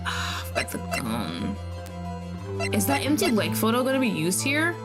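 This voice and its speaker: A woman's voice: on the high side, huge pitch swings, normal speed. A woman streamer giving casual gameplay commentary, anxious and exclaiming, often pleading with the game. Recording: clear background music.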